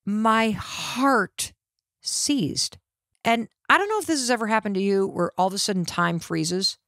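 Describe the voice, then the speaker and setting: Animated middle-aged woman telling a story. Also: medium pitch, unhurried, no echo, clean studio sound. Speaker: podcast host. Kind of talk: personal storytelling.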